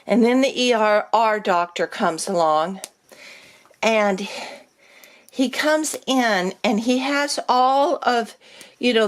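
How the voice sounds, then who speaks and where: A middle-aged woman telling a personal story in a casual vlog, animated as she acts out the exchanges she is describing. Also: on the high side. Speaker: vlogger.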